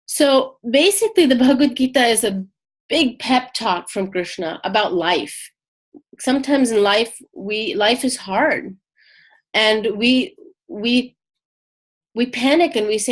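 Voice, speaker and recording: A woman with a fairly high voice gives a relaxed scripture class. She tells the story in a chatty, animated way, full of fillers and restarts. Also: a little slow. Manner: conversational, many fillers and restarts, animated retelling. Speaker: teacher. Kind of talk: casual spiritual lesson.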